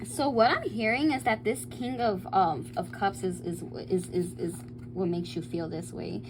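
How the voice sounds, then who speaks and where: A woman giving a casual tarot reading to camera. She chats loosely, swears freely, reads card meanings aloud and bursts into excited squeals. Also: medium pitch, normal speed, noisy background. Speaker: tarot reader.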